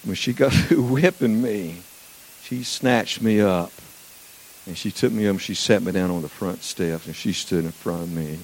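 A preacher in his sixties is telling a story from his boyhood during a sermon. His delivery is folksy and animated, and he swings from loud bursts to quiet, low reflection. His voice sits at an ordinary male pitch.

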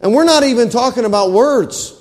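A man with a high voice delivers a sermon in a church. His talk is folksy, and he keeps asking his listeners whether they follow. The sound trails off in a long church reverb. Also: animated, a little fast, a little mellow. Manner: folksy, asks the congregation questions. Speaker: pastor. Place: church hall.

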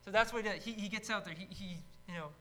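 A man teaching a casual Bible study, retelling stories with energy and acting out shouted lines. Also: high voice, fast talker, low-quality recording.

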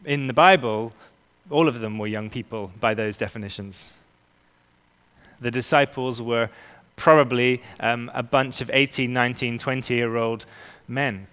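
A man preaching a sermon as pastor, earnest and emphatic, slowing down to stress key words. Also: medium pitch, fairly bright tone, clear, resonant tone. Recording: long reverb of a large hall.

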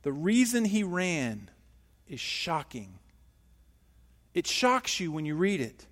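A male pastor preaching a sermon, emphatic and animated, asking the congregation questions in a church. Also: a little high, takes it slowly, big-room sound.

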